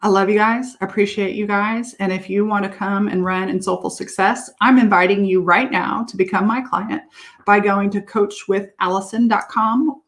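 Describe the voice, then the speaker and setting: A woman business coach talking casually and upbeatly to her viewers, laughing often and filling pauses with "um". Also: mid-range voice. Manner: chatty and upbeat, laughs often, many fillers. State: out of breath. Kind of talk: casual livestream talk to viewers.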